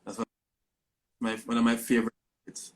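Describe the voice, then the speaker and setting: A man hosting a casual interview, asking halting questions full of fillers and restarts. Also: medium pitch, monotone. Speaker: interviewer, host.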